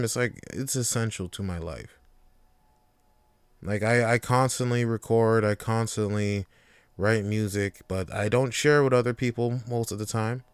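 A man's voice: on the low side, clean tone, no room sound. A laid-back young man hosting a casual solo podcast, rambling freely with frequent swearing and laughs. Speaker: podcast host.

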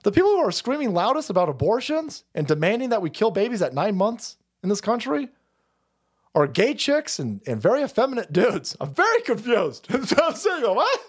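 A man hosting a stream, delivering a loud, profane, mocking political rant. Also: high-pitched, sing-song, brisk, slightly rough. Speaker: streamer host. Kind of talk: ranting political commentary stream.

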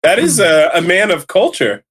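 A man co-hosting a podcast, tossing off quick jokey quips in casual chat. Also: sits high, sing-song, a bit bright, breathy edge. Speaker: podcast co-host.

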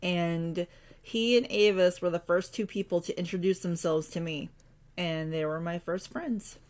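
A woman with a fairly low voice hosts a relaxed interview. She listens closely, prompts her guest warmly, and speaks in short, friendly replies. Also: a little slow. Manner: encouraging, attentive listener. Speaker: podcast host. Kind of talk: conversational interview.

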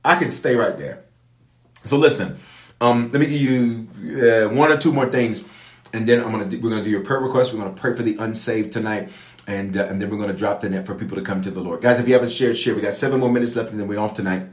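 A man's voice: fairly low pitch, fast talker, echoey room. A man preaching and praying in a casual, emphatic style, repeating his phrases and using slang. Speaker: bishop leading an online prayer. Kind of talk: live-streamed sermon and prayer.

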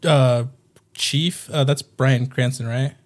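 A man's voice: medium pitch, fairly even intonation, takes it slowly. A man competing in a casual quiz chat, unsure and rambling. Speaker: quiz contestant. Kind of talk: casual podcast game chat.

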